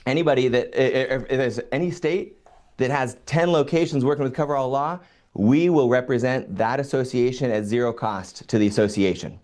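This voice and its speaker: Man, middle-aged, lawyer guest, casual podcast, energetic, joking, storytelling, frequent restarts, mid-pitched voice. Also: fairly quick.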